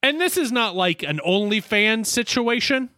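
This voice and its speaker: A man's voice: sits high, animated, normal speed, pushed and bright, no room sound. A man co-hosting a podcast in casual chat, playful and joking, telling stories with frequent restarts. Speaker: podcast co-host.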